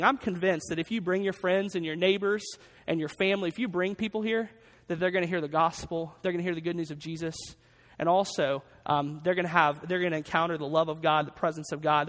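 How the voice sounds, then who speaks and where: A man preaching a sermon as pastor in a church, energetic and emphatic, often repeating his key phrases. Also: high voice. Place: church sanctuary. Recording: long reverb of a large hall.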